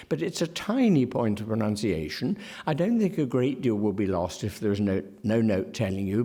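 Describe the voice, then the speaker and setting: A male literary scholar giving an academic lecture in a wry, digressive way, with frequent ums and self-corrections, slowing down to carefully sound out example words. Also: fairly low pitch, darkish tone.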